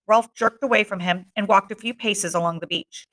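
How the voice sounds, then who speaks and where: A woman reading a novel aloud chapter by chapter, narrating steadily and pausing for short asides. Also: medium pitch, pushed and bright. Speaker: reader.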